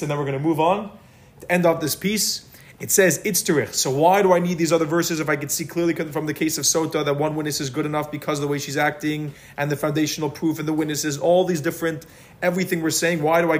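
A man's voice: fairly high pitch, steady tone, fast talker. A man teaching an informal Talmud class, talking casually and repeating words for emphasis.

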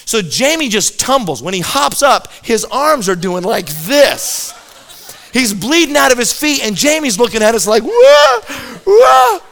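A man with a notably high voice telling a comic story to a listening crowd. He is animated and tends to double up the first word of a sentence as he gets going. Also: normal speed. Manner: animated, repeats words when starting sentences.

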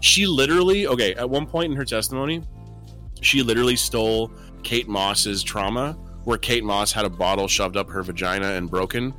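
A man co-hosting a casual chat podcast, telling stories with laughter and mimicking a mumbling witness in low, quiet tones. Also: fairly quick, soft background music. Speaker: podcast co-host.

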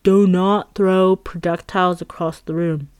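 A woman's voice: lowish voice, fairly even intonation, unhurried, a little mellow, clear, resonant tone, no echo, studio quality, lightly acted. A woman putting on a scolding old Boston teacher. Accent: Boston (put on). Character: old, fed-up schoolteacher with a thick Boston accent. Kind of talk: audiobook memoir narration.

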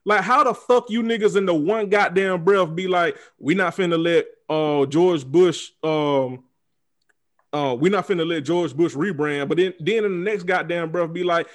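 A man's voice: sits high, normal speed. A man hosting a podcast, speaking in a heated, profane, repetitive casual rant. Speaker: podcast host. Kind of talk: casual chat.

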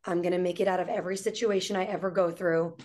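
A woman guest on a podcast, an entrepreneur and singer, telling stories in a lively, casual way with lots of "like.". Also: on the low side, fast talker. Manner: animated storyteller with frequent "like". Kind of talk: casual conversation.

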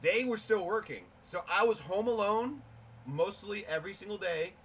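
A man's voice: sits high, lively intonation, moderate pace, a bit bright, slightly rough. A young man co-hosting a podcast in casual chat, laid-back, swearing and telling stories. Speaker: podcast co-host.

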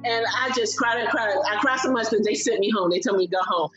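A woman telling a personal faith testimony in a casual, animated way on a broadcast. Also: fairly high pitch, quick pace, echoey room, over loud music, poor audio. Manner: animated storyteller, laughs and cries while recalling. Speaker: guest sharing testimony.

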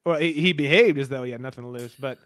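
A man hosting a podcast, telling animated, profanity-laced stories in casual chat. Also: mid-range voice, fast talker, dry recording. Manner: profane, animated storytelling with frequent fillers. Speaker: podcast host.

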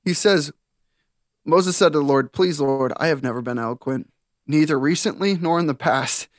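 A man chats on a faith podcast with a fairly high, animated voice, often laughing. He reads scripture aloud, then retells it in slangy modern words. He is recorded close up on a dry studio mic. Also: moderate pace, no room sound. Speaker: podcast co-host. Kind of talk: casual faith podcast chat, reading scripture.

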